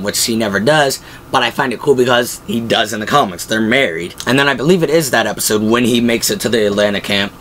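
Young adult male host, casual and animated recap style, faint background hiss. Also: mid-range voice, fast, few pauses. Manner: animated, retells scenes with quoted lines. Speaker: show host.

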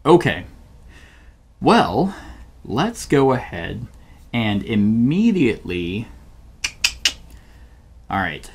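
Playing a board game solo for his channel, a man with a creaky, mid-range voice thinks out loud. He frequently stops mid-sentence to hunt for the right word.

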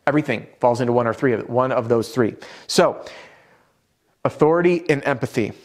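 A man's voice: mid-range voice, fairly quick. A man teaching sales straight to camera. His delivery is upbeat and direct, and he drops in some self-deprecating humor. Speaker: sales trainer.

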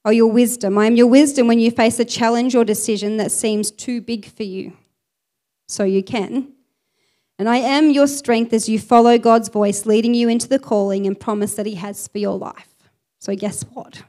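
A woman preaching a sermon, reading scripture aloud with lively emphasis. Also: medium pitch.

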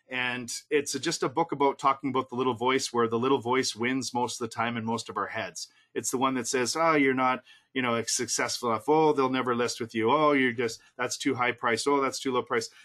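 A middle-aged man coaching in a motivational webinar, at an ordinary middle pitch for a man. He keeps firing short rhetorical questions and says each point twice, in a loose, conversational way. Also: sharp tone. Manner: repetitive, punchy rhetorical questions. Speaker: real estate coach.

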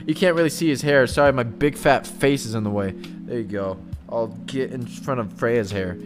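A man's voice: medium pitch, normal speed, over music. A man streaming a horror game, nervously commenting and talking to his chat.

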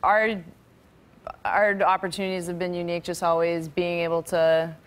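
A woman guest on a talk show, answering questions in a relaxed way. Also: on the low side, normal speed, clean tone. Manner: relaxed, speaks for her sister. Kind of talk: casual interview answers. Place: TV studio.

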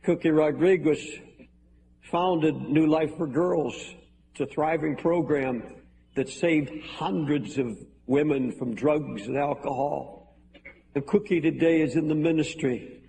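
A man's voice: on the high side, slow pace, creaky, dark tone, a little hiss or hum. A man preaching a sermon as pastor, earnest and pleading, with emphatic repetition, recorded live in a large church hall. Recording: live sermon in a reverberant hall, faint music.

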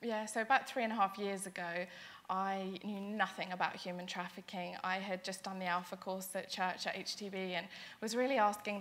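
Young woman, interview guest, bright voice, earnest and eager delivery full of fillers. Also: medium pitch, little pitch movement, moderate pace. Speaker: interview guest, charity founder. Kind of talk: conversational interview storytelling.

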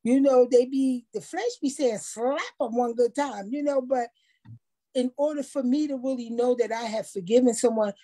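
A woman in a faith discussion who talks in a preachy, animated way and acts out quotes. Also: sits high, moderate pace. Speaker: panelist.

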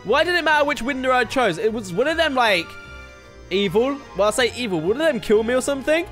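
Young male game host, high voice, bouncy pitch, rambling self-mocking commentary. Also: lively intonation, quick pace, fairly bright tone, soft background music. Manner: chatty, rambling, laughs at himself. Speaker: gaming video host. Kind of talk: casual let's-play commentary.

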